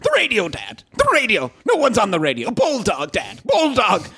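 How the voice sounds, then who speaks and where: A man playing a shrill, fussy radio shrink son. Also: wildly swooping pitch, moderate pace, vocal fry, pushed and bright, slightly rough, full character voice. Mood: exasperated. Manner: shrill, exasperated. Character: fussy, high-strung grown son, a radio psychiatrist.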